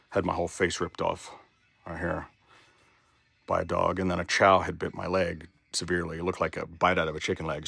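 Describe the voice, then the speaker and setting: A man's voice: sits low, creaky, fairly bright tone, breathy edge, dry recording. A middle-aged man from Texas talking candidly and with plenty of swearing in a casual vlog as he walks around. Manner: candid and profane, talks while walking. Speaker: vlogger. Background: a dog barking.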